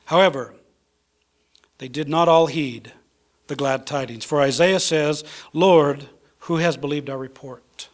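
A man's voice: on the high side, slow, pauses often. A man as pastor preaching a sermon in a church, reading scripture and repeating key phrases for emphasis. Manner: reads scripture aloud with fillers between.

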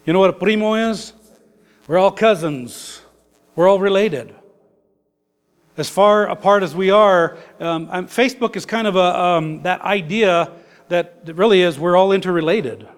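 A man's voice: sits high, normal speed, clean tone. A man preaching a sermon in an easygoing, conversational way, with folksy turns of phrase. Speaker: pastor. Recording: long hall reverb.

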